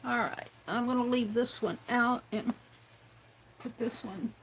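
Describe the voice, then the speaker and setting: Slow, musing woman crafting on stream. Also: a little high, fairly even intonation, a little hiss or hum, low-quality recording. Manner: unhurried, musing aloud while working with hands; talks to herself in the third person. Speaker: craft livestream host. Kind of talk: casual craft demonstration.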